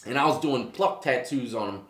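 A man's voice: medium pitch, fairly quick, fairly bright tone, echoey room. A man telling his own jail stories to the camera, talking in casual street slang and often checking in with the viewer. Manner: street slang, frequent "okay?" and "you know what I mean". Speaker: YouTube host telling prison stories.

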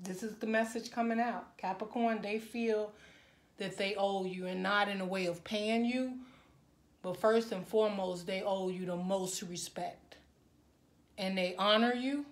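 A woman reads tarot cards for her viewers in a loose, chatty way. She gets emotional and keeps breaking into exclamations. Her voice sits at a middle pitch and echoes around the room. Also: fairly even intonation, a little slow. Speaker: tarot reader. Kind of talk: casual tarot reading to camera.

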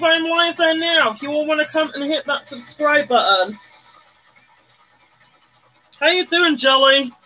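A woman's voice: high-pitched, pushed and bright, poor audio. A woman chatting casually on a makeup live stream, greeting viewers by name and bursting into little sung bits. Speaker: livestreamer doing makeup.

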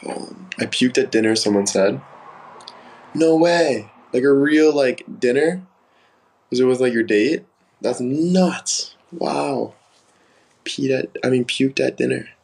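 A man's voice: medium pitch, takes it slowly, gravelly, a little mellow, poor audio. A young man hosting a live stream, telling candid, rambling stories and answering viewer comments. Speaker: livestream host. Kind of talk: casual livestream chat.

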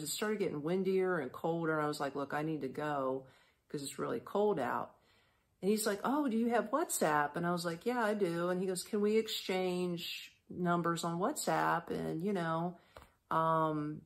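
A woman from the United States tells a personal travel story on her podcast in a loose, conversational way. She is animated and chatty, acting out both sides of each exchange, with a voice that sits somewhat low for a woman. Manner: animated, chatty, full of fillers and quoted dialogue. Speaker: podcast host. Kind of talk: casual storytelling.

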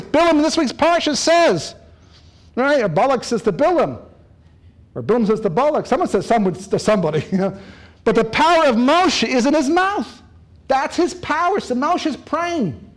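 A man giving a Torah lecture, animated, joking and laughing as he acts out dialogue. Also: extremely high pitch, normal speed. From lives in Israel. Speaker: rabbi giving a Torah talk. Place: lecture room.

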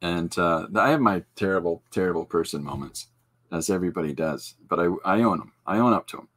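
A man in his forties hosting a podcast, telling rambling, self-deprecating stories in casual chat, with halting restarts and frequent laughs. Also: sits low, fairly bright tone. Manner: halting restarts with many fillers. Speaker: podcast host and artist.

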